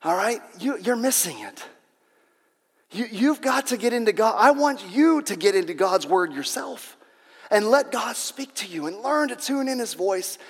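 A man preaching a sermon as pastor, impassioned and repetitive, swinging between loud and hushed. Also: high-pitched, animated, normal speed, husky, in a large hall.

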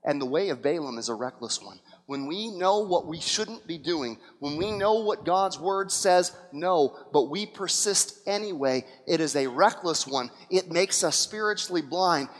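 A man's voice: high-pitched, fairly bright tone, long reverb tail. A male pastor preaching an impassioned sermon who acts out the scenes he retells.

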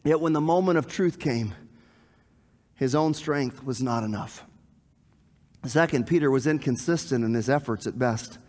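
A man preaching a sermon, animated, asking the congregation questions and acting out scenes. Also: medium pitch, moderate pace, long pauses, long reverb tail. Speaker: pastor.

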